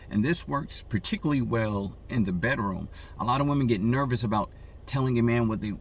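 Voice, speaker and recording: Chatty man giving relationship advice. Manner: conversational, keeps asking "right?", acts out quoted voices with jumps in pitch. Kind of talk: casual advice monologue to camera.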